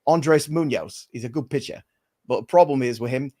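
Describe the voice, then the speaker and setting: Man doing a deadpan Cockney gent. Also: mid-range voice, normal speed, lightly acted. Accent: put-on Cockney British. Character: older British man, gruff and deadpan.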